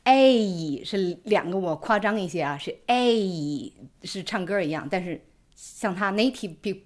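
A woman's voice: fairly low pitch, normal speed. Chinese-accented woman teaching pronunciation. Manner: repeats sounds after her partner, explains in Chinese. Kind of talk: bilingual pronunciation lesson.

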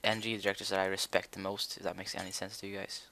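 Young man, gaming commentary, lowish voice, bright tone, rambling, hesitant. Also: flat delivery, fast talker, creaky, a little hiss or hum. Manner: rambling, hesitant, many fillers. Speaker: gaming video creator. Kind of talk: casual Minecraft commentary.

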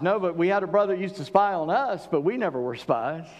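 Male pastor, slightly high voice, chatty sermon delivery with acted-out quotes; church hall reverb. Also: moderate pace. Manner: conversational preaching, acts out quoted lines in lively voices. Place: church sanctuary.

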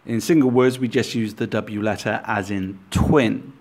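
A man teaching a language lesson, speaking deliberately and repeating example words for learners. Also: fairly low pitch, fairly even intonation, darkish tone.

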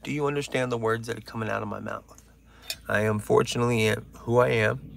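A man's voice: medium pitch, fairly even intonation, brisk, gravelly. A man hosting a casual livestream, joking, rambling and reading chat aloud. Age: older. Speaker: livestream host.

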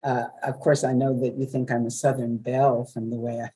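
An older woman from New York, a veteran radio journalist, telling stories in a chatty, lively way as an interview guest. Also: a bass voice, a little fast, breathy edge, low-quality recording. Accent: New York, softened. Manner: warm, chatty storyteller with laughs. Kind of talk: webinar interview.

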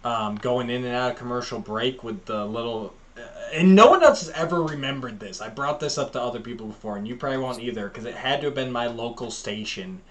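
A man's voice: mid-range voice, a little fast, few pauses. A man with a mid-range voice, chatting loosely on a podcast. He wanders through memories and piles on fillers and restarts as he goes. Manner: rambling, animated storytelling with fillers. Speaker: podcast co-host. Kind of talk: casual chat.

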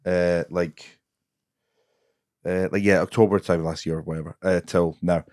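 A low-voiced man telling rambling, swear-laden stories as a comedian guest on a podcast. His delivery is loose and casual, full of fillers. The sound is dry and close to the mic. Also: flat delivery, moderate pace, a little mellow, no room sound.

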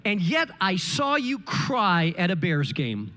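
A man's voice: high voice, huge pitch swings, takes it slowly, pushed and bright, long reverb tail, a little hiss or hum. A man preaching a sermon as pastor, emphatic and full of rhetorical questions to the congregation. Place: church sanctuary.

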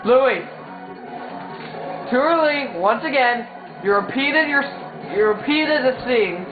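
A man's voice: very high voice, lively intonation, takes it slowly. A man giving casual gameplay commentary, rambling and stumbling over restarts. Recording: tinny, echoey, loud game music.

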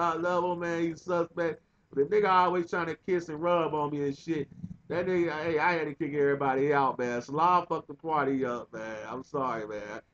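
A man's voice: fairly high pitch, fairly bright tone, muffled recording. Rambling young man telling a story. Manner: rambling, profane, laughing often. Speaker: vlogger. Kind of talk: casual comedic storytelling.

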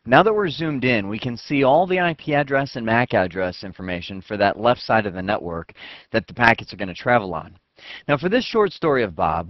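A man teaching computer networking step by step, acting out what each computer says in quick asides, on a close mic. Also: medium pitch, no room sound. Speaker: networking instructor. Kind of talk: screen-recorded technical lesson. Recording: dull, dry lo-fi voice track.

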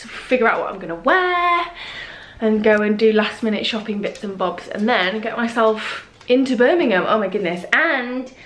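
A woman's voice: medium pitch, lively intonation, normal speed, a bit bright. A young woman talking to camera in a casual, chatty, giggly way. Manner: chatty and giggly, rambling, self-mocking. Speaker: lifestyle vlogger. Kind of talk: casual vlog chat to camera.

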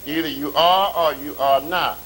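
A male pastor preaching a sermon, drawing out scripture readings slowly and swelling loud, with colloquial asides and questions to the congregation. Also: fairly high pitch, steady tone, low-quality recording. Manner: colloquial, calls and responses to the congregation. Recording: faint tape hiss.

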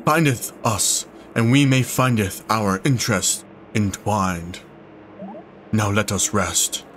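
A man's voice: fairly low pitch, takes it slowly, fairly bright tone, slight background noise. A man voicing a grand, old-fashioned male adventurer, raising his voice into a lofty, archaic, theatrical delivery. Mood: grandiose. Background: game music.

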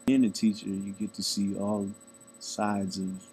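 A man's voice: fairly low pitch, flat delivery, a little slow, a little mellow, a little hiss or hum, low-quality recording. A man who works as a language arts teacher, joking in a mock-serious way in casual chat.

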